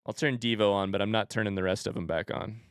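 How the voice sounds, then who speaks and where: A man streaming a game live in a relaxed, rambling way, greeting chat and swearing casually. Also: fairly low pitch, fast talker, a little hiss or hum. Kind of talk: casual gaming livestream chat. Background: game music.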